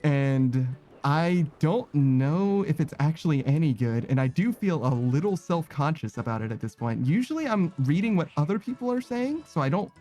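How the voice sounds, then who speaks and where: A man's voice: a little high, mellow. Giggly, rambling man streaming a game. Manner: giggly, rambling, self-conscious. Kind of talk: casual chat with viewers while gaming.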